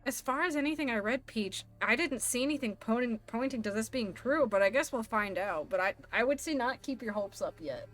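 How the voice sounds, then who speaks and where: A young woman streaming a game live, chatty and animated with sudden squeals. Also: a little high, fairly quick, few pauses, soft background music. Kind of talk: live gameplay commentary.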